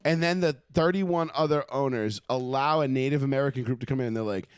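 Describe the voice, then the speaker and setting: A man's voice: medium pitch, fast talker, clean tone, no room sound, studio quality. A man hosting a casual sports podcast, talking in a profane, emphatic and opinionated way. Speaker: podcast host.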